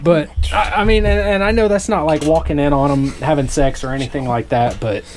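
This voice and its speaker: A man's voice: fairly high pitch, fairly even intonation, a little fast, darkish tone, a little hiss or hum. A young man co-hosting a podcast, telling crude stories with his friends and laughing often as he goes. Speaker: podcast co-host. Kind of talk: casual chat.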